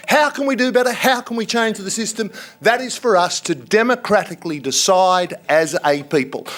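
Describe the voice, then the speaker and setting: An Australian man in his fifties speaks from a conference stage with a fairly high voice. His delivery is rousing and full of humour, and he lets it swell loud when the passion takes over. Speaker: keynote speaker. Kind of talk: conference speech.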